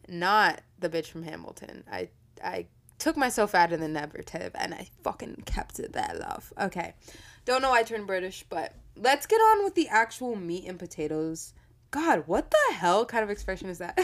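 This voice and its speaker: A young woman hosting a casual storytelling podcast, chatty and profane, laughing often as she talks. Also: on the low side. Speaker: podcast host.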